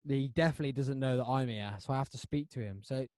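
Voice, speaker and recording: A man hosting a podcast, telling a story in a rambling, animated way with lots of restarts. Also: medium pitch, quick pace, dry recording, clean studio sound. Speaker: podcast host. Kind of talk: casual chat.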